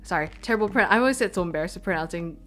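This young woman talks very fast and animatedly in a fairly bright, lower-pitched voice, with faint music in the background. Streaming live from a room at home, she plays and chats casually in Canadian English, thinking out loud and apologizing as she goes, occasionally moving away from her desk microphone.

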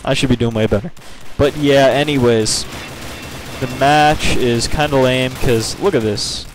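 A man's voice: mid-range voice, noisy background. Grumbling man narrating his gameplay. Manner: grumbling, apologetic, quick to frustration. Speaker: gameplay video host. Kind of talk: casual gameplay commentary. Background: game gunfire and clicks.

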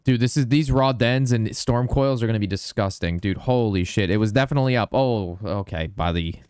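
A young man giving casual gameplay commentary as a streamer, rambling, excitable and swearing a lot. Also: lowish voice, a little fast, hardly any pauses, clear, resonant tone, no echo.

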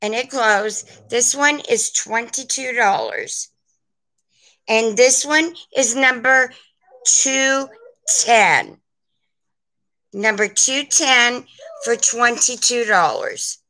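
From her home, a woman who sells vintage items online runs a live-stream sale, chatting to viewers in a rambling, friendly way. Her voice is fairly high, pushed and bright, slow with long pauses, and the recording is rough.

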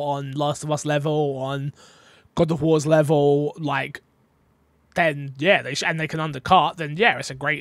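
A man's voice: a little high, fairly bright tone, no room sound. A man hosting a casual gaming podcast, playful and teasing as he reads out listener questions. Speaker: podcast host.

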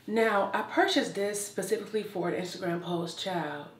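A woman's voice: mid-range voice, moderate pace. A young woman vlogging a swimsuit try-on haul in sassy, exuberant casual chat. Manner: sassy, exuberant, says "child" often. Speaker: fashion vlogger. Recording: roomy, from a distance.

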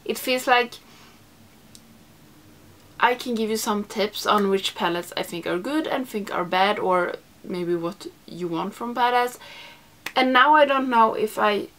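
A woman's voice: mid-range voice, measured pace, pauses often, a bit bright. A woman in her thirties from Sweden with a Swedish accent, chatting casually and enthusiastically as a beauty vlogger reviewing products into a camera mic at home. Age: 30s. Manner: enthusiastic, repeats "really, really". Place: home room.

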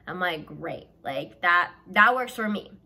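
Bright-voiced chatty young woman. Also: lowish voice, measured pace. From American South. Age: young adult. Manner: chatty and animated, heavy use of "like". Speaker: vlogger. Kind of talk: storytime vlog.

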